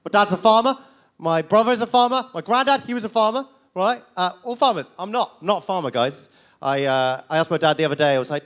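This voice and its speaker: A man doing a stand-up set about family, with a dry, lively delivery. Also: sits high, quick pace, clear, resonant tone. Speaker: stand-up comedian. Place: comedy club stage.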